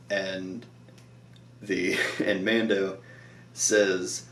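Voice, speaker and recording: A man's voice: deep voice, level tone, very slow, long pauses, a bit bright, reverberant, recorded from a distance. A tired man recapping a show episode in a loose, rambling way, with lots of "like" and frequent laughs.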